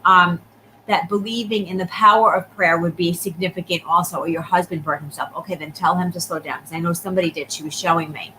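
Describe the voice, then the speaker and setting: A woman giving a live psychic reading, talking quickly and checking in often with the person she reads for. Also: fairly low pitch, bright, forceful tone, slight background noise, low-quality recording. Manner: rapid, repeatedly checking in with the sitter. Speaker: psychic medium.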